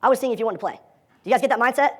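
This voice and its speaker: A man teaching a live dating seminar, energetic and profane, acting out quoted lines as he talks to his audience. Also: very high voice, very fast.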